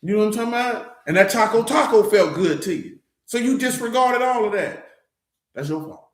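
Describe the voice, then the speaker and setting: A man's voice: sits high, expressive, brisk, echoey room. A man giving a loose, blunt, streetwise scripture teaching. He talks conversationally and keeps asking "you know what I'm saying". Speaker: teacher of a scripture study assembly.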